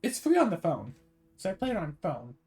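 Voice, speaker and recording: A woman's voice: fairly low pitch, a little fast, soft background music. A tired woman streaming a video game, ranting in a casual, sarcastic way. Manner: animated, sarcastic, mocking put-on voices. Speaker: gaming streamer. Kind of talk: casual ranting over gameplay.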